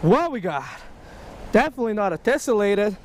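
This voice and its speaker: A man narrating his own fishing vlog outdoors at a creek, excitable, talking to himself and the fish and shouting when he gets excited. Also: high voice, fairly quick, a little hiss or hum. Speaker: fishing vlogger.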